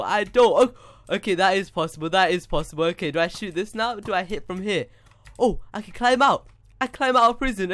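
A young man giving casual, excitable commentary while playing a block-building game, talking to himself as he goes. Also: sits high, no echo. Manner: excitable, talks to himself, says dude a lot. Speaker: gaming YouTuber. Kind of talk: casual Minecraft gameplay commentary.

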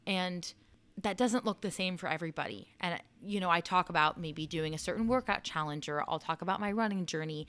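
A woman hosting a solo podcast, chatting in a casual, encouraging way and laughing at herself, her voice starting to go a little hoarse. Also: on the low side, fairly quick, fairly bright tone. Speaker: podcast host.

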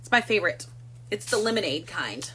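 A woman's voice: lowish voice, sing-song, brisk, fairly bright tone, a little hiss or hum. A woman hosting a casual live stream from home on a phone, chatting and greeting viewers by name one after another. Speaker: livestream host.

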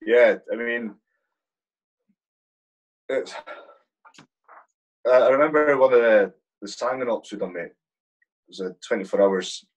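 A platoon sergeant in his thirties, guesting on a podcast, tells vivid war stories in casual talk, blunt and swearing freely. His medium-pitched voice moves a little slowly, with long pauses, and the audio is poor.

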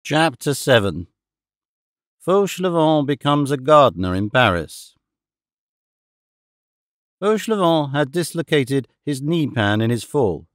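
A man reading a classic novel aloud as audiobook narrator, in a measured, steady way. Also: medium pitch, no echo, clean studio sound. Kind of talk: scripted narration.

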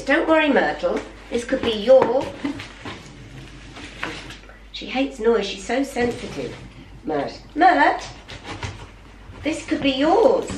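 A woman's voice: on the high side, background noise. A middle-aged woman chatting in a home vlog, talking to her dog while she unboxes parcels and keeps exclaiming. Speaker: vlogger. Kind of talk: casual vlog. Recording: roomy, from a distance.

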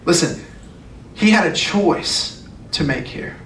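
Male youth pastor, high voice, earnest sermon, recorded from afar in an echoey room. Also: expressive, slow, fairly bright tone. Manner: earnest, emphatic, repeats phrases. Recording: echoey room, distant mic, faint noise.

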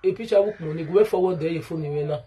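A Nigerian vlogger fires off a rapid rant straight to camera, her lowish voice dark and husky. Aggrieved and repetitive, she addresses a rival directly.

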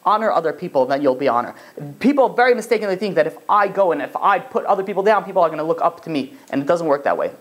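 A man, a rabbi, giving an animated Torah class, often restarting his sentences and acting out the voices he quotes. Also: on the high side, rapid-fire.

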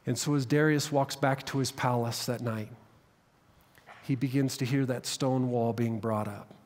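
A man preaching a sermon, telling the story dramatically and dropping to hushed tones at tense moments. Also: medium pitch, steady tone, unhurried. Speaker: pastor. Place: church sanctuary. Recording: long reverb of a church hall.

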